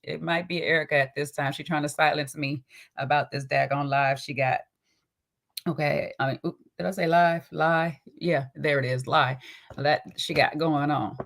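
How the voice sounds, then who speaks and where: A woman riffs on a casual livestream, her voice sitting a little low. She is sassy and talkative, greeting her chat by name and tagging on "okay?" as she goes. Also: steady tone, normal speed, gravelly. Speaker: livestream host.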